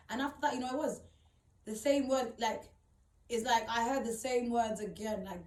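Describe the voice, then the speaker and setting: A young woman recounts a personal story in a blunt, slangy way, swearing freely and hammering points through repetition. Her voice sits a bit high. She sounds set back from the mic in an echoey room. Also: moderate pace, darkish tone, distant mic. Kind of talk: casual storytime monologue.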